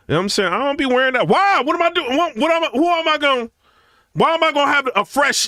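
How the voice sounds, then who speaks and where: A middle-aged man gives casual reaction commentary. His voice sits high and swings widely in pitch, with a bright, sharp edge. The recording is dry and close. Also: fast, no room sound. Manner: animated, chatty, repeats "you know what I'm saying".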